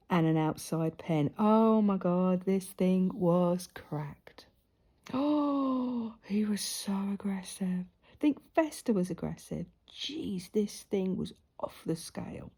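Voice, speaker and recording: A woman's voice: lowish voice, warm tone. A middle-aged woman chatting as she sews, rambling through stories and often dropping into whispered asides. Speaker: sewing vlogger. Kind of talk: casual chat while sewing. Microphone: camera close in front.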